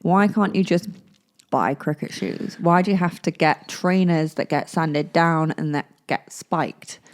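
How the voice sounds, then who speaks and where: A woman co-hosting a podcast in casual chat, talkative, quizzical and quick to laugh. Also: fairly low pitch. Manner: chatty, laughs often, quizzical. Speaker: podcast co-host.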